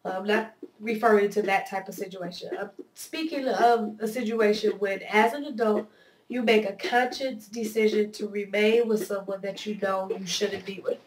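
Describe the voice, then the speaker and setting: A woman's voice: medium pitch, fairly even intonation, normal speed, slight background noise. A woman with a nasal voice from a cold, talking earnestly and candidly to her viewers in a personal video blog. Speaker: video blogger. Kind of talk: personal vlog monologue. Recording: roomy echo, voice a bit off-mic.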